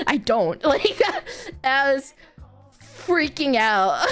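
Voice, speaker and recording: A woman's voice: high-pitched, very animated, very slow, pauses often, a bit bright, soft background music. A woman streamer chatting casually, telling a story in a rambling way with lots of fillers and bursts of laughter. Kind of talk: casual chat.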